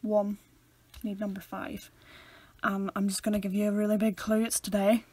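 A young Northern Irish woman co-hosting a podcast, teasing and often trailing off into a soft mumble. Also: medium pitch, little pitch movement, normal speed, husky. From Northern Ireland. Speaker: podcast co-host. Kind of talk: casual chat.

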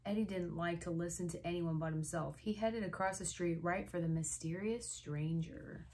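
A woman's voice: lowish voice, normal speed, darkish tone. A woman reading a chapter book aloud to children, with chatty asides and frequent laughs.

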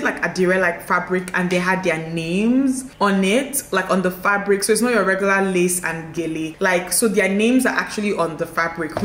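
A woman's voice: medium pitch, echoey room, a little hiss or hum. A young woman, chatting effusively to viewers as she unboxes a haul at home. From Nigeria. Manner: effusive, exclaiming and addressing viewers as guys. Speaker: vlogger. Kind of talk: casual haul vlog.

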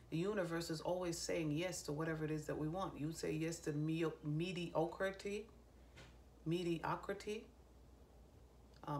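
Low-voiced lady doing psychic readings, rambly and cussing, faint hum behind. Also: gravelly. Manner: loose and stream-of-consciousness, swears freely. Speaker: psychic medium. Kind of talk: casual spiritual channeling talk.

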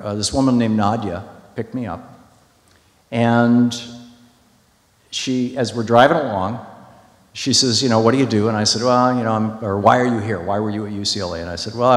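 A man telling a story to an audience in a conversational, emphatic way, with many restarts and fillers. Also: on the low side. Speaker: speaker at a public talk. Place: large hall. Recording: echoey hall.

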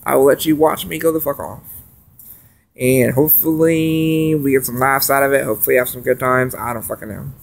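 A man venting in a profane, agitated late-night vlog rant that swings between loud outbursts and quiet mutters. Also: mid-range voice, fairly even intonation, brisk, vocal fry. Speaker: vlogger.

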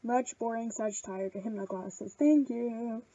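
Woman, casual gameplay chat, excitable, rambling, slightly high voice, dry close sound. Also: slow pace, no room sound, dull audio. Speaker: channel host.

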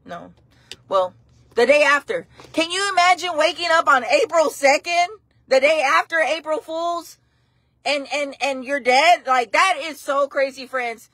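A woman's voice: high voice, a little slow, bright, forceful tone, no room sound. A woman hosting a casual live stream, chatting and rambling to her viewers, often repeating herself.

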